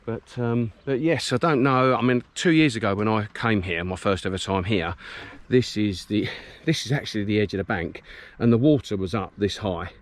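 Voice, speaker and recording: A man's voice: lowish voice, normal speed, few pauses. A middle-aged man chatting casually to a handheld camera about his fishing setup, with lots of ums and restarts, outdoors on a reservoir bank. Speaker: match angler filming his day. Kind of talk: casual vlog commentary. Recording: loud wind noise outdoors.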